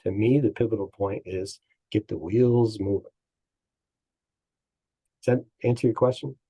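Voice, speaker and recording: A man's voice: fairly low pitch, a little slow, warm tone, breathy edge, poor audio. A man speaking as an interview guest and business coach, telling folksy stories with chuckles. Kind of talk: casual interview talk.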